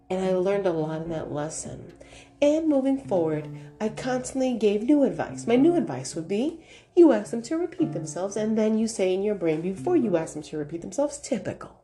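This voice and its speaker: A woman from New York giving casual motivational advice, animated and confrontational, acting out voices as she tells stories. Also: medium pitch. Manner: animated, confrontational storyteller who acts out voices. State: hard of hearing. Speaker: vlogger.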